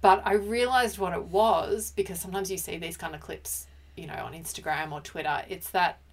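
A woman's voice: fairly low pitch, fairly even intonation, brisk. A woman co-hosting a casual pop culture chat, emotional and chatty, often restarting her sentences. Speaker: podcast co-host.

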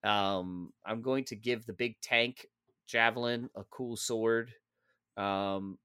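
A man's voice: lowish voice, steady tone, slow pace, sharp tone, clear, resonant tone, no room sound, clean studio sound. A man co-hosting a casual gaming podcast, joking and ranting with a lot of swearing. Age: adult father of three. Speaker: podcast co-host.

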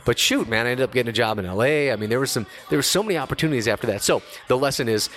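A man in his forties, a radio host by trade, chats casually on a podcast. He tells a story in a slangy, animated way and throws himself into quoted voices along the way. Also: mid-range voice, very fast.

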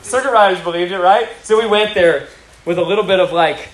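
A man preaching a sermon, telling stories with lively acted quotes. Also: high voice, fairly quick. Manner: energetic storytelling with acted quotes. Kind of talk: sermon storytelling. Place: large hall with audience. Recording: roomy hall from a distance, crowd.

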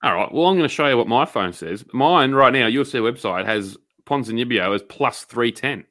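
A man's voice: medium pitch, expressive, brisk, a bit bright. A man co-hosting a podcast, blunt and sweary with mock outrage. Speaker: podcast co-host. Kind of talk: casual chat.

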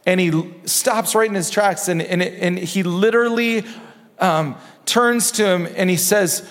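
A man preaching a sermon in a church, impassioned, repeating phrases and dropping low and soft for emphasis. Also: a little slow. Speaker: pastor. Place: church sanctuary. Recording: long reverb of a church hall.

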